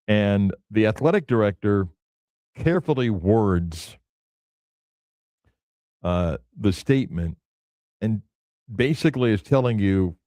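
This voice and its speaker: A sports radio host talks loosely in his studio, his casual chat packed with fillers. His voice is fairly low and a little mellow, and the recording is dry.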